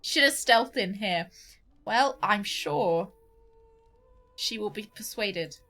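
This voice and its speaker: With soft music in the background, a British woman streams a game and chats casually, laughing, swearing freely and ranting with mock indignation. Her voice is medium-pitched, expressive and sharp-toned, and she takes things slowly.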